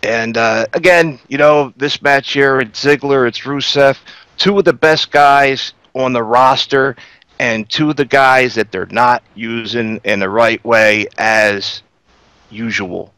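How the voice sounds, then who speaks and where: A man's voice: medium pitch, steady tone, slow pace, bright, forceful tone, smooth, no room sound. A blunt, critical man trading views in a casual wrestling review. His voice sits in the middle range, and the recording is dry and close, with no room sound.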